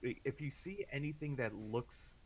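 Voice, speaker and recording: A man's voice: mid-range voice, animated, normal speed, a little hiss or hum, poor audio. A man playing a tabletop game, speaking casually and hesitantly while searching for words. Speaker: player. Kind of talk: casual in-character play over voice chat.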